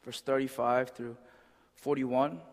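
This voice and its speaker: A man's voice: medium pitch, flat delivery, slow. A man preaching a conversational sermon as a pastor, often checking in with "right?". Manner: conversational, with frequent "right?" asides. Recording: long reverb of a large hall.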